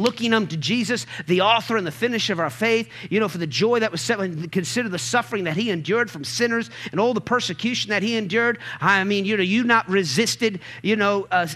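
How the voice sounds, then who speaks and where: High, bright-voiced male preacher. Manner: call-and-response preaching, swells to emphatic shouts. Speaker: pastor. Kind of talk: sermon.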